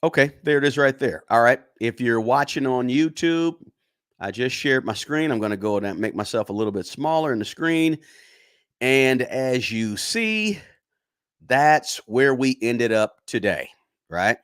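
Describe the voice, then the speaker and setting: A chatty man hosts a casual finance livestream. He talks straight to his viewers at a middle pitch and often repeats himself. The sound is dry and close, with no room around it. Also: expressive, a little slow, fairly bright tone, clean tone, dry recording.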